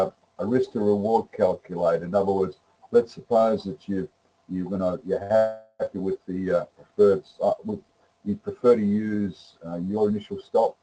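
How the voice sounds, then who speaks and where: A man presenting a webinar that walks through trading software, rambling with many fillers and restarts. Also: lowish voice, poor audio. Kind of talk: live webinar demonstration.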